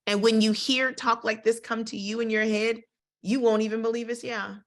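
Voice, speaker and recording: A woman teaching a casual Bible study who reads scripture aloud and then breaks off into animated, conversational commentary. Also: moderate pace. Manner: expressive, with big swings in pitch and tempo.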